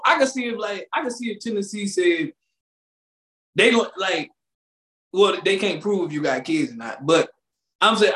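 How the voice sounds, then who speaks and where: A man's voice: high-pitched, fairly bright tone. A man co-hosting a casual talk show, joking and acting out little scenes. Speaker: radio show co-host. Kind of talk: casual podcast banter. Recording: roomy echo.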